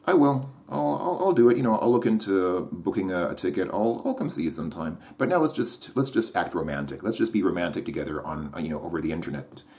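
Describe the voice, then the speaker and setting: A man's voice: sits low, lively intonation, fast, few pauses, darkish tone. A man voicing a whiny, evasive woman who keeps stalling on plans to visit. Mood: whiny mimicking. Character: whiny evasive woman, a long-distance online admirer.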